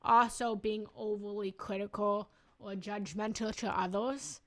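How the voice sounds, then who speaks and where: In a medium-pitched, fairly even voice, a spiritual coach talks through a chakra lesson at an unhurried pace. The live teaching is chatty and casual, and she frequently stops mid-word and laughs at herself.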